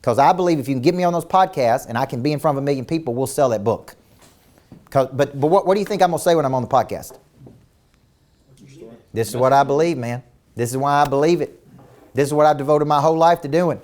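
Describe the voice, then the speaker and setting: Speaking fast but with long pauses, a man with a mid-range, slightly mellow voice coaches a virtual seminar over slight background noise. He's a business coach whose style is intense and emphatic, firing rhetorical questions at his audience and repeating words to kick off each point.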